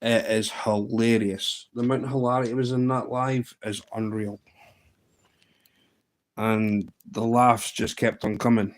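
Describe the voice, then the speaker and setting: A man's voice: fairly low pitch, level tone, unhurried, low-quality recording. A man hosting a casual livestream, telling fishing stories in a chatty, laughing way. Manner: chatty storyteller, often laughing. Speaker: livestream host.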